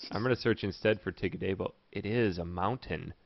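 A man's voice: low-pitched, fairly quick, creaky, background noise. A man hosting a podcast in casual chat, teasing his guests and laughing often. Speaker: podcast host. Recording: dull lo-fi dry sound.

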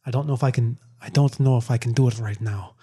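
A man in loose, casual chat who rambles from one thought to the next, laughing often and restarting his sentences. His pitch sits at an ordinary, middle level for a man. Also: fast, noisy background.

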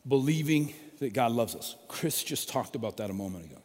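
A man's voice: mid-range voice, expressive, fairly quick, in a large hall. A middle-aged man, a pastor, delivering a conversational sermon that rises into emphatic, repeated stresses.

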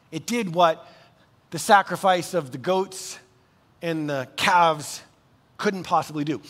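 Guy pastor preaching, high voice, chatty and animated, big hall echo. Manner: animated, conversational preaching with casual asides. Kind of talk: sermon.

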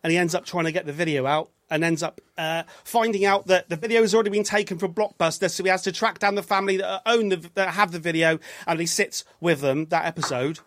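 A man's voice: high-pitched, fast, hardly any pauses, fairly bright tone, no room sound. An English man hosting a podcast in casual, rambling chat, often stopping and restarting his sentences. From England. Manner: chatty, rambling, self-interrupting. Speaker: podcast host.

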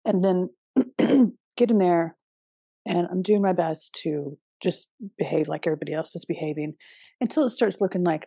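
A woman hosting her own podcast in a loose, chatty monologue. Her voice is husky and warm, and she drops in casual fillers and the occasional curse. The sound is dry and close, with no room echo. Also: on the low side, moderate pace. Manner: relaxed and conversational, with frequent fillers and casual swearing. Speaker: podcast host.

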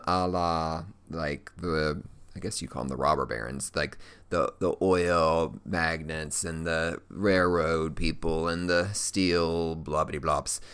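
A man's voice: deep voice, fairly bright tone, smooth. A man hosting a show, casually and effusively gushing over a series he recommends, with many fillers. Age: adult, working. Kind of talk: casual enthusiastic review.

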